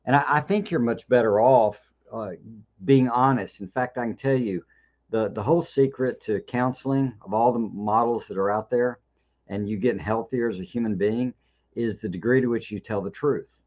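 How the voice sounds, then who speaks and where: The host of a live Q&A speaks at normal speed in a mid-range, slightly mellow voice over dull-sounding audio. His delivery is loose and conversational, marked by many restarts and repetitions.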